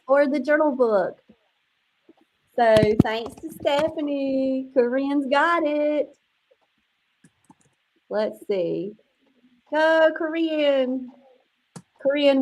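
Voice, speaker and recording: A woman's voice: sits high, poor audio. A woman hosting an online book launch on a video call, chatty and emotional, close to tears.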